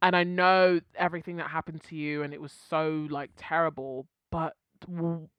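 A woman's voice: low voice, fairly even intonation, moderate pace, smooth, no echo, highs cut off. A woman co-hosting a podcast, chatting casually about a series she watched, talking with lots of emphasis and repeating words, often breaking into laughter. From has African parents. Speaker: podcast co-host reviewing a series. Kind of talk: casual chat.

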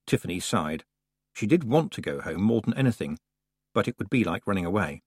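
A man narrating an audiobook in an expressive, playful storytelling manner. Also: lowish voice, a little fast, husky, dry recording, studio quality.

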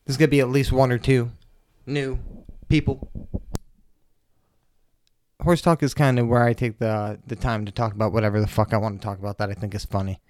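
A man's voice: mid-range voice, flat delivery, brisk, pauses often, darkish tone, no echo. A young man hosting his own podcast, telling loose, profane, jokey stories in a casual rambling monologue. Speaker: podcast host.

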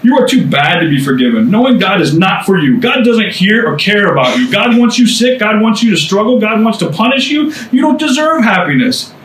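A jeering, accusing inner voice, put on by a man, pitched well above his own speaking voice. It lands one belittling line after another. The room echoes, and the mic sits some distance away. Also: sing-song, a little fast, few pauses, fairly bright tone, slight background noise. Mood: taunting. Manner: sneering, hammering out insults. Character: taunting inner voice of a man's old self.

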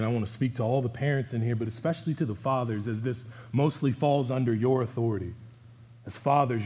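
A man's voice: medium pitch, mellow. Male pastor, mid-range voice, earnest conversational sermon, church hall reverb. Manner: earnest and exhorting, with conversational asides. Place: church sanctuary.

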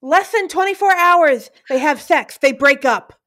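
A woman's voice: high-pitched, animated, unhurried, bright, forceful tone. A woman co-hosting a casual movie review chat, easygoing and wry, often giving short agreeing replies.

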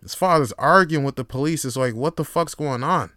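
A man hosting a solo podcast, talking in a casual, profane, rambling way that swings between quiet reflection and animated storytelling. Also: on the high side, brisk, dry recording, studio quality. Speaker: podcast host.

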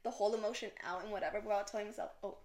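A woman's voice: mid-range voice, steady tone, racing, darkish tone. A young woman co-hosting a podcast in casual chat, chatty and gushing, laughing often. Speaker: podcast co-host.

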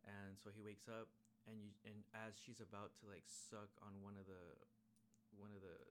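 A man's voice: on the low side, little pitch movement, moderate pace, slight background noise. A man hosting a podcast, recapping an episode in laid-back, rambling slang with a lot of swearing. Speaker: podcast host. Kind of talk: casual chat recapping an episode.

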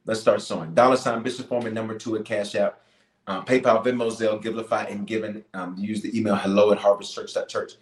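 A man's voice: lowish voice, fairly even intonation, fast. A man leading a live-streamed prayer as a bishop, fervent and pleading, repeating his points for emphasis. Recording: roomy echo.

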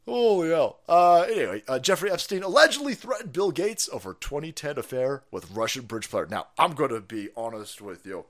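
A middle-aged man ranting through profane live-stream commentary. He laughs often and swings between loud outbursts and low mutters. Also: lively intonation, fairly quick, few pauses.

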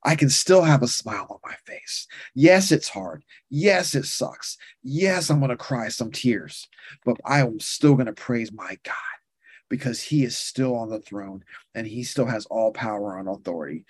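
A man's voice: medium pitch, moderate pace, husky, no room sound, studio quality. A man preaching a sermon and leading a prayer, passionate, with rising and falling emphasis, speaking to his listeners as brothers and sisters.

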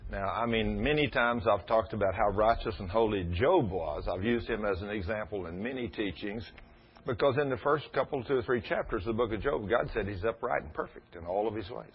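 A middle-aged man, preaching a storytelling sermon in a folksy, animated way. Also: on the low side, brisk, breathy edge. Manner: folksy, animated, laughs at his own stories. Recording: dull lo-fi recording.

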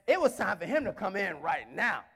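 High-voiced minister preaching emphatically. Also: male voice, sing-song, normal speed, creaky, breathy edge, long reverb tail. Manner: emphatic, storytelling, rising to shouted exhortation. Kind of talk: sermon.

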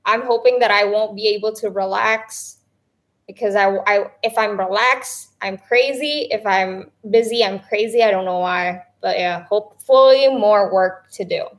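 A woman's voice: medium pitch, normal speed. A young woman, chatting as a guest in a casual, bubbly, rambling way and laughing often. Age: young adult. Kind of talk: casual chat.

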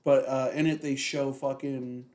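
A man of middle pitch chats loosely on a podcast, full of fillers and swearing. His talk wanders as he goes. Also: flat delivery, unhurried, a little mellow. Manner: rambling, heavy swearing, many fillers. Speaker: podcast co-host. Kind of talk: casual chat.

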